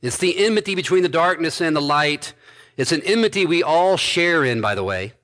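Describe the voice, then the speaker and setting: A man with a fairly high voice is preaching an expository sermon. He builds steadily to emphatic points and drops in quick, informal asides to the congregation. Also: expressive, fairly bright tone. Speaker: pastor.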